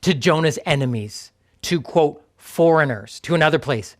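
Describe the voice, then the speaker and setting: Earnest male preacher, fairly high voice. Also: lively intonation, normal speed. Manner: conversational, emphatic, drops to a near whisper on key points. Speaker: pastor. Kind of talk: sermon.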